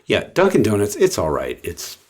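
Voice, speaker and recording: A man with a deep, somewhat husky voice talks casually to the camera. He rambles along, stopping often for ums and uhs and starting his sentences over. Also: wildly swooping pitch, moderate pace, darkish tone. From West Coast of the US. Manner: rambling, with many fillers and restarts. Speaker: vlogger.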